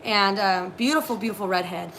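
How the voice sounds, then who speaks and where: A young woman co-hosting a casual live stream, telling animated work stories with many fillers. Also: medium pitch, brisk, slight background noise. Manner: animated storyteller, lots of fillers. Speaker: co-host, former theme park custodian.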